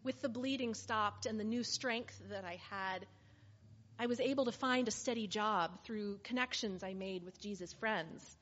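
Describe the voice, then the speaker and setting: A woman's voice: mid-range voice, normal speed, fairly bright tone, close to an everyday voice. A woman performing a first-person dramatic monologue as a weary woman made whole after years of suffering, telling her story earnestly. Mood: heartfelt. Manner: earnest, heartfelt testimony. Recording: slightly muffled with faint hiss.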